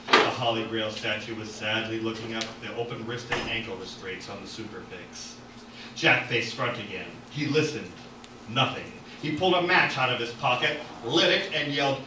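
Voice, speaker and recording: A man reads his own novel aloud at an open-mic night, animated and breaking off for asides. His voice is bright and forceful. It echoes in a roomy art gallery, picked up from a distance, with faint room noise behind. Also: medium pitch, normal speed. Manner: animated, with asides and self-corrections. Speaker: author reading his novel. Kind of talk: dramatic reading at an open mic.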